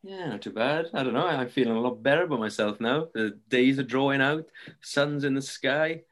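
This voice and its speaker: A man's voice: medium pitch, a little fast. A young man from Britain co-hosting a podcast, telling stories in a casual, joking way. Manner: storytelling, animated and joking. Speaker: podcast co-host. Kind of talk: casual pub chat.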